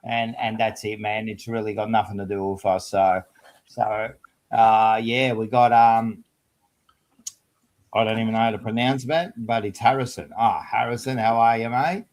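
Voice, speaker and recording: A man's voice: fairly low pitch, fairly even intonation, moderate pace. An Australian man hosting a casual live-stream chat, laid-back and chatty. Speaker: host.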